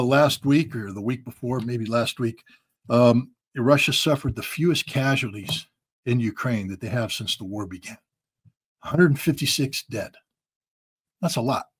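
Man, husky, emphatic, blunt, political commentary guest. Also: medium pitch, measured pace. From United States.

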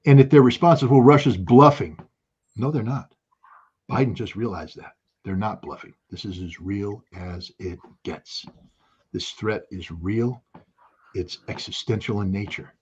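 A man hosts his own political commentary show, delivering an emphatic monologue that keeps circling back to the same points and swelling into forceful insistence. His voice is low and husky. The audio is dull and lo-fi. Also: measured pace. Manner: emphatic, repetitive, rising to forceful outbursts.

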